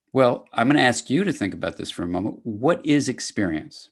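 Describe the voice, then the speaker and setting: An older man giving a conversational academic lecture to clinicians, lively and acting out little dialogues. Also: normal speed, few pauses. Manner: animated, conversational, acts out dialogues with rising pitch.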